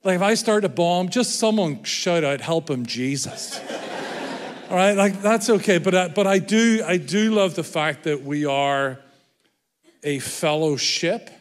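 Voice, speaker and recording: Joking Irish preacher in a reverberant hall. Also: male voice, high voice, a little slow. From Ireland. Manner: self-deprecating, jokey, chatty. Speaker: guest preacher. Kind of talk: sermon. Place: large church hall.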